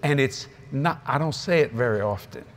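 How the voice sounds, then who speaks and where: A male preacher telling humorous, folksy stories in a lively sermon. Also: mid-range voice, moderate pace. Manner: folksy, humorous, animated storytelling with many acted quotes. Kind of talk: sermon with storytelling.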